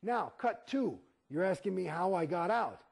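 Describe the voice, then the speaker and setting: A man's voice: high voice, animated, normal speed. A man telling his story in an interview, blunt and profane, rambling through false starts. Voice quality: gravelly, husky voice.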